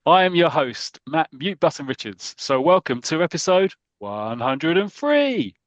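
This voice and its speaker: A man's voice: a little high, sing-song, unhurried, no echo, lo-fi sound. British man hosting with jokey intros. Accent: British English. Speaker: podcast host. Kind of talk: casual chat, comic introductions.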